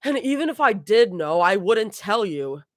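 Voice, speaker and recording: A woman's voice: mid-range voice, big pitch swings, moderate pace, dry recording, clean studio sound, lightly acted. A woman reading a fan story aloud, voicing an exasperated, snarky young woman.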